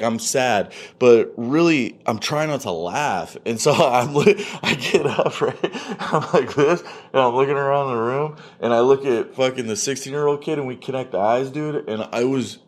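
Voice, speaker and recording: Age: unknown. Sex: man. Style: profane, animated storytelling. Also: medium pitch. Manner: profane, animated, laughs often. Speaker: guest telling his story. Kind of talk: casual storytelling.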